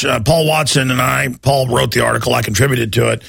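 A man's voice: medium pitch, steady tone, brisk, gravelly, a bit bright, husky, dry recording. A man hosting a talk radio show, delivering an urgent, pleading monologue.

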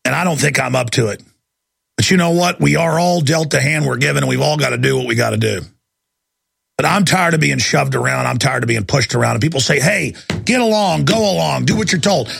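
A middle-aged man hosting a radio talk show, delivering an angry rant, shouting and pushing his voice up when worked up. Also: brisk, vocal fry, breathy edge. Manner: shouting and ranting, voice climbing high when angry.

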